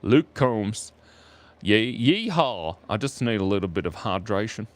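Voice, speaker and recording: A man's voice: on the low side, normal speed, a little mellow. An Australian man chatting playfully with viewers while drawing on a live stream.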